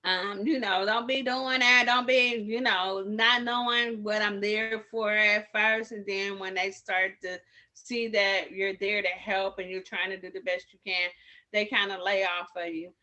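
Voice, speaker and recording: A woman's voice: medium pitch, flat delivery, measured pace, pushed and bright. A woman teaching community medics informally, rambling and correcting herself as she tells stories from the street in casual slang. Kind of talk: informal training talk with personal stories.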